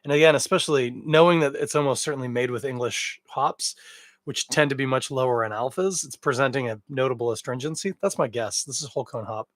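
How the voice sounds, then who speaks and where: A man's voice: medium pitch, a little fast, fairly bright tone, dry recording. A man hosting a podcast, giving a casual, jokey solo beer review full of rambling tangents. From Canada. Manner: chatty, jokey asides, drifting tangents.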